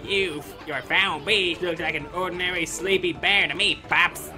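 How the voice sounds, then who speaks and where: A man's voice: high voice, fairly even intonation, normal speed, bright, forceful tone, faint music behind, voice pushed up. A man doing a brash mocking little sidekick. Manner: sarcastic, needling.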